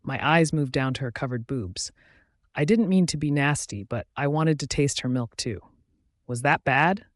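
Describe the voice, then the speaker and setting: A man's voice: medium pitch, normal speed, dry recording, clean studio sound. Earnest male audiobook narrator. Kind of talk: first-person audiobook narration.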